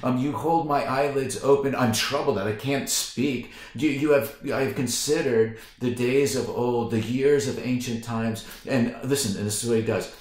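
A man as pastor giving a casual devotional talk, conversational and unhurried, dropping to a hushed tone when he prays. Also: medium pitch. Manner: relaxed, conversational, with prayerful hushed passages. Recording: very echoey room.

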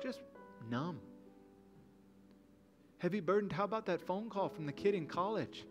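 Male pastor, sermon, slightly high voice, earnest, quiet instrumental music underneath. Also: expressive, measured pace, long pauses. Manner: earnest, building to emphatic passages. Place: church sanctuary.

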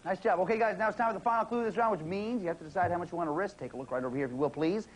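High-voiced, upbeat male game show host. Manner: cheerful, encouraging, quick prompts to contestants. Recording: hissy 1990s TV tape.

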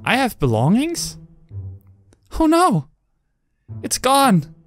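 A man's voice: very high voice, wildly swooping pitch, slow pace, faint music behind, pitched above the performer's own voice, full character voice. A man voicing an eager young boy in a hospital, stammering when upset, in a game. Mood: excited.

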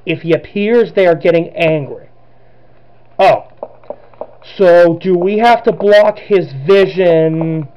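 This gameplay commentator speaks slowly in a high, clean-toned voice, though the sound is lo-fi. His let's-play commentary is chatty, full of laughter and apologies for the voices he does.

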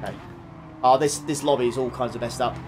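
A young man streaming a racing game, reacting excitably with frequent laughs and quick apologies while talking to his chat. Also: mid-range voice, a little hiss or hum. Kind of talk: live racing game commentary. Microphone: desktop USB condenser mic.

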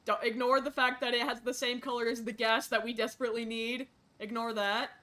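Fairly high in pitch and a little fast, this young woman streams a game while role-playing a frazzled parent. Excitable and chaotic, she alternates between muttering and sudden shrieks.

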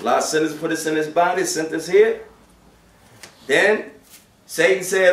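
A man giving a Friday sermon, switching between shouted acted-out voices and hushed, quiet passages. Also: a little high, steady tone, measured pace, long pauses. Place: mosque prayer hall. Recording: echoey room from a distance.

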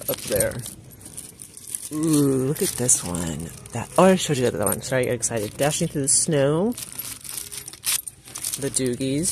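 This shop-with-me vlog features a woman with a bass voice wandering a big store, background noise audible throughout. She's chatty, raves about what she discovers, and reads out the messages printed on greeting cards.

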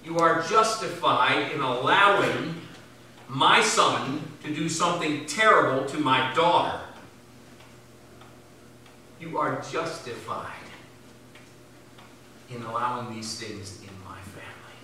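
Echoey, bright-voiced man preaching a sermon. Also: expressive, takes it slowly, pauses often, a little hiss or hum. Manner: swings from loud emphatic bursts to low quiet asides. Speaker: pastor. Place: church sanctuary. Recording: very echoey church from far off.

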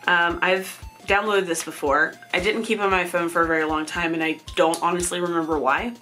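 A woman's voice: fairly low pitch, fairly even intonation, brisk, sharp tone, soft background music. A woman in her thirties giving a casual, candid personal update vlog, chatty and laughing at herself, sounding tired. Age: 30s. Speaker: vlogger.

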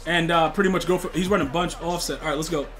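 Brash high-voiced streamer trash-talking. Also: male voice, fairly even intonation, fast talker, soft background music. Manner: brash slangy trash talk, yelling at the game. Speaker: gaming streamer. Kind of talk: live game stream commentary.

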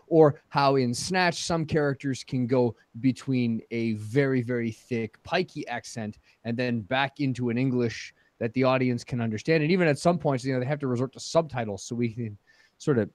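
Male podcast co-host, lively storyteller, dry close sound. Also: medium pitch, no room sound. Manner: animated storyteller, playful exaggeration. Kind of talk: casual chat.

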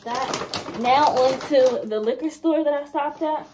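A woman's voice: high-pitched, unhurried, background noise. Chatty young woman vlogging to her phone. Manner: chatty, talks straight to viewers. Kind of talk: casual vlog chat. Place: car and home.

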